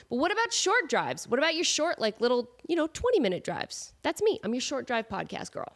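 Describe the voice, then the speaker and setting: A woman's voice: sits high, wildly swooping pitch, a little fast, hardly any pauses. A woman in her thirties with a nasal voice from a cold, hosting a casual solo podcast in a chatty, self-mocking way with rambling asides. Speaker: podcast host. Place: at home with her cat.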